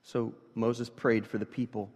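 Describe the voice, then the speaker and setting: A man preaching a sermon as pastor, shifting between quiet scripture reading and loud, emphatic passages, conversational with fillers and restarts. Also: mid-range voice, little pitch movement, unhurried. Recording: long hall reverb.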